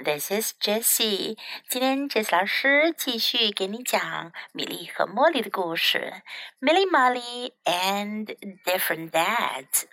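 A woman's voice: mid-range voice, animated, no echo, rough recording. A young adult woman, a native Chinese speaker, hosting a children's English radio show and reading a picture book aloud in English and Chinese. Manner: slow, warm storybook reading, switching between English and Chinese lines. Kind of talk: bilingual children's story reading.

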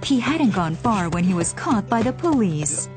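A woman narrating a children's storybook in an expressive storytelling cadence. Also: medium pitch, normal speed, soft background music.

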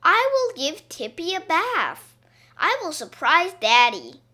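A woman's voice: very high-pitched, huge pitch swings, slow, bright, forceful tone, voice pushed up, heavily acted. A woman voicing an eager, earnest seven-year-old boy in a children's storybook reading.

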